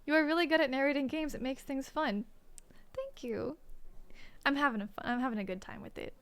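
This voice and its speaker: High-voiced playful woman streamer. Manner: playful, joking, quick to laugh. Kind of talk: casual game commentary.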